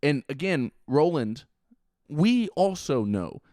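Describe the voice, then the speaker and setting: Man, podcast co-host, sarcastic, animated, swearing, dry close mic. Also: on the high side, takes it slowly, dry recording. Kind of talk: casual chat recapping a movie.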